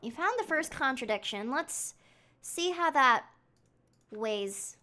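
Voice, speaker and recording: High pitched girl streamer rambling thru a mystery game, excitable, thinking out loud. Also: takes it slowly, a little hiss or hum. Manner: chatty, excitable, thinks aloud. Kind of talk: live game commentary.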